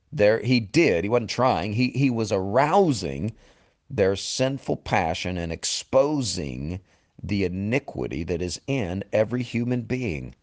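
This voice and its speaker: A man delivering a sermon with a lowish voice. He is earnest and often sinks into a hushed, grave tone to drive a point home, speaking to the listener as a friend. The recording is dry and close, with no room sound. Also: no echo. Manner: earnest, often drops low and quiet for emphasis, addresses listener as friend. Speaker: preacher.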